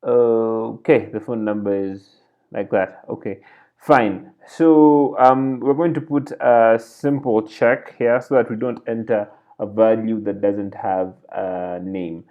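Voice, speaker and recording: Male coding tutor, unhurried and thinking aloud, dull lo-fi screen recording. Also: on the low side, steady tone. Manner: thinks aloud while typing, self-correcting. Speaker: programming tutor.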